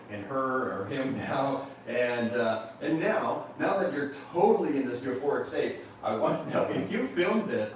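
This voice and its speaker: A man giving a playful motivational seminar talk to a live audience, acting out little scenes in mock-sensual voices. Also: mid-range voice. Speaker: motivational speaker. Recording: very echoey hall from far off, faint noise.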